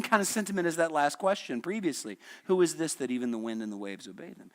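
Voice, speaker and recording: A man's voice: fairly high pitch, lively intonation, fast, hardly any pauses. A man teaching a midweek church lesson in a conversational, storytelling way, asking the class questions and chuckling often. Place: church hall.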